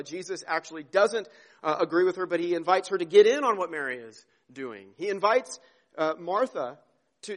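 Earnest high-voiced male preacher. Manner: earnest, repeats words, swings from emphatic to hushed. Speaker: pastor. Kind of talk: sermon.

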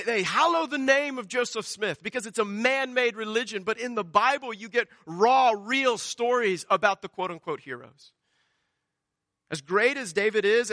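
Bright emphatic preacher man. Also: high-pitched, no echo, studio quality. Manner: emphatic, rhetorical repetition. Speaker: pastor. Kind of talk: sermon.

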